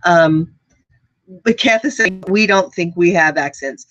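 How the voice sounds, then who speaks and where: A woman's voice: fairly low pitch, unhurried, fairly bright tone, dry recording, dull audio. A woman with a Midwestern accent and a faint Southern trace, chatting casually with viewers, rambling with many ums and restarts. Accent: American Midwest, faint Southern. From United States. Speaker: vlogger. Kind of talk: casual live chat.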